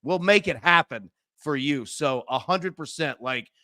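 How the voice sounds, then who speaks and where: A man co-hosting a sports betting show, talking emphatically and fast, leaning on words like "literally" as he pitches. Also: sharp tone, no room sound, clean studio sound. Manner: fast, emphatic, repeats 'literally'. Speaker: co-host. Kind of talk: excited sales pitch and betting talk.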